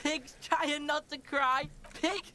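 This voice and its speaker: A woman's voice: high voice, steady tone, slow, slight background noise. A woman voicing a crude, cocky boy street kid in a video game who taunts and mocks. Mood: taunting.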